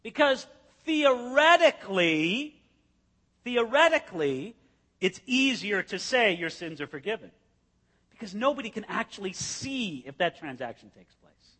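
A man preaching with a high, bright voice that rings through a large hall. He tells the story vividly, stepping into each scene as he explains it. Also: measured pace, husky. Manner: animated storytelling, acting out scenes. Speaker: pastor. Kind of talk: expository sermon.

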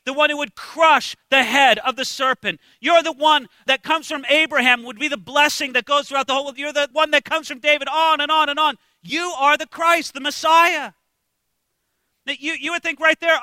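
A male pastor preaching an expository sermon, animated, acting out quoted voices and swinging from hushed asides to shouts. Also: extremely high pitch, dry recording. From United States.

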